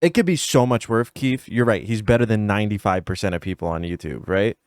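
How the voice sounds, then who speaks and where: A man's voice: on the low side, brisk, no room sound. Dry-voiced man giving nitpicky commentary. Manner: nitpicky, emphatic, talks straight to viewers. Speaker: streamer reacting to a video. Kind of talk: casual reaction commentary.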